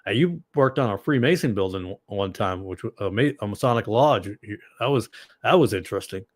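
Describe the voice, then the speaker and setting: A man's voice: fairly low pitch, animated, brisk, no room sound, clean studio sound. Rambling man with a Boston accent. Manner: rambling and digressive, with sudden loud outbursts. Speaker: ministry host. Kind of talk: casual livestream chat answering viewers.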